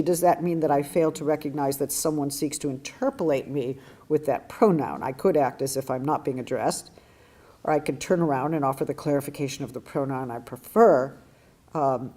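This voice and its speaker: Low-voiced woman lecturing with wry anecdotes. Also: warm tone. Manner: thoughtful, wry, self-deprecating storyteller; frequent restarts and hesitations. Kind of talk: academic lecture with personal anecdote.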